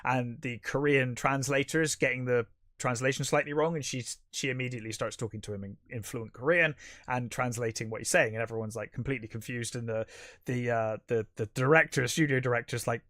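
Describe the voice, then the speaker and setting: A man's voice: medium pitch, fairly even intonation, brisk, fairly bright tone, no room sound, studio quality. A man co-hosting a podcast, recapping a film plot in casual chat, rambling with many fillers and restarts. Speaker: podcast co-host.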